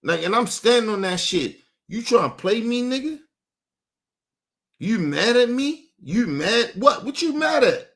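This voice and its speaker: A man's voice: very high-pitched, very animated, measured pace, a bit bright. A man hosting a show, ranting angrily in with heavy swearing and a lot of repetition. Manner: angry, repeats himself, swears heavily. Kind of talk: heated on-air rant.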